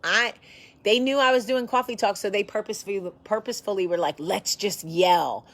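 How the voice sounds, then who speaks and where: A woman's voice: medium pitch, quick pace, fairly bright tone. A woman hosting a casual chat to camera from her home, blunt and sassy in manner. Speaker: host.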